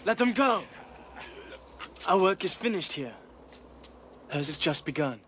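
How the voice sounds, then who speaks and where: An actor playing a frightened but resolute young clerk in a film scene. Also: male voice, high-pitched, big pitch swings, a little slow, fairly bright tone, heavily acted. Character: shaken young English clerk, fearful then resolute. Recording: noisy film clip with ambience.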